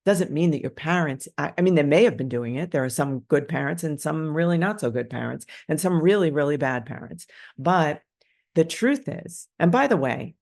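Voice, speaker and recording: A woman speaks on a podcast in an unscripted, conversational monologue. Her voice has a gravelly edge, and she talks candidly and informally, restarting sentences as she goes. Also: low-pitched, lively intonation, moderate pace, a little mellow.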